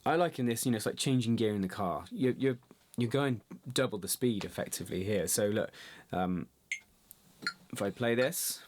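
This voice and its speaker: A man's voice: lowish voice, moderate pace, background noise. A man teaching guitar in an online lesson, explaining rhythm exercises in a chatty way and counting the beats aloud, with small restarts. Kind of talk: relaxed online music lesson.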